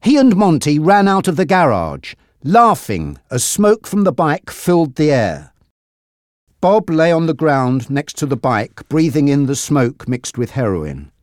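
A narrator reading a crime story aloud in a deliberate, expressive way. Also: mid-range voice, dry recording, clean studio sound. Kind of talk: slow dramatic storybook reading.

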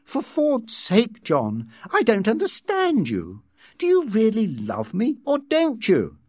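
A man voicing a headstrong, impatient young woman in love, with drawn-out, pleading delivery, in a read-aloud story. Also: mid-range voice, big pitch swings, darkish tone, no echo, studio quality, voice pushed up.

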